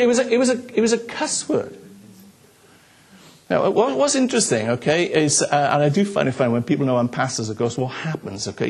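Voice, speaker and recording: Delivering a sermon, this pastor from Wales speaks in a husky voice that sits on the high side. He tells stories conversationally, breaking off for asides to the congregation.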